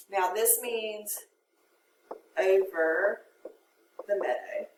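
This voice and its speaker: Woman teacher, poetry lesson, slightly high voice, slow pace, roomy sound from a distance. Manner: explains step by step, quotes verse aloud. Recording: echoey room from a distance, faint noise.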